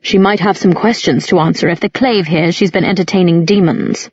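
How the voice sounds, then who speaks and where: A woman's voice: lowish voice, fairly quick, darkish tone, husky, no echo, lo-fi sound. A woman voicing a cool, clipped young man. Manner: clipped and coolly assured.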